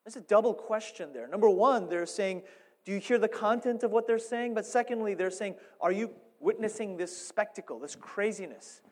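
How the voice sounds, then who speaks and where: High-voiced pastor preaching in a reverberant hall. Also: male voice, normal speed. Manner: animated, playful asides, emphatic rises. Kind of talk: sermon.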